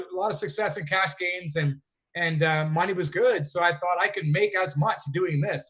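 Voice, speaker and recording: A man's voice: high-pitched, fairly bright tone. A man from Canada, a fantasy sports player, telling long rambling stories as a guest in a casual interview. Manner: rambling, self-correcting storyteller.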